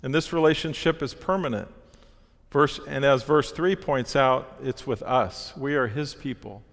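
Man, sermon, earnest steady delivery, mid-pitched voice, long hall reverb. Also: unhurried. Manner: earnest, steady teaching with small restarts.

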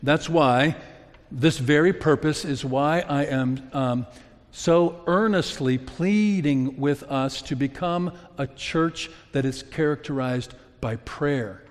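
A male pastor delivering a sermon in an unhurried, deliberate cadence. He pleads earnestly, swelling on emphatic phrases and sinking low and soft between them. His voice trails off in the long echo of a large sanctuary. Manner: earnest, rising to emphatic peaks then dropping soft. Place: church sanctuary. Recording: long reverb of a large hall.

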